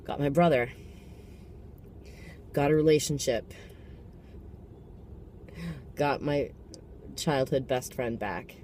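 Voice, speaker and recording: A man in his thirties giving a heartfelt personal vlog reflection, pausing to count and correct himself. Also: medium pitch, a little mellow, slight background noise. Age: 30s.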